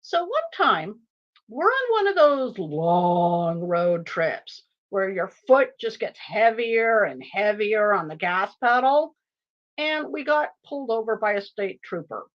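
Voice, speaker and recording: A woman author telling a funny family story at a live online event, in an animated, expressive manner. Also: fairly high pitch, a little slow, dull audio. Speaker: author and guest reader.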